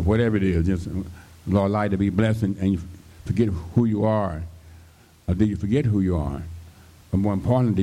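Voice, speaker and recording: A man delivers a radio sermon. His tone is mellow and dark. He exhorts the listeners and breaks in again and again with hallelujahs and calls for response. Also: fairly low pitch. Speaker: pastor.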